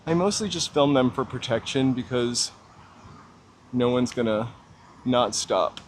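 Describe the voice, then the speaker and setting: A man's voice: mid-range voice, measured pace. A middle-aged man hosting a casual walking live-stream outdoors, chatting to viewers with joking, self-deprecating asides. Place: outdoors on downtown city streets and through tunnels. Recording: faint city street noise. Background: city traffic ambience.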